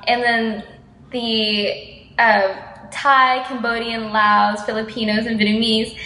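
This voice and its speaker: A woman's voice: a little high, little pitch movement, slow, bright, forceful tone, reverberant, low-quality recording. A young woman from Houston, Texas, chatting casually and frankly with a friend and laughing often. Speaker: friend in conversation. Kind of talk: casual chat.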